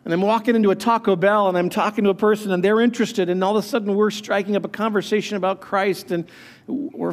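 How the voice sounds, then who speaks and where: A man, a pastor, telling a personal testimony in an earnest, halting way, often restarting his sentences. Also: high-pitched.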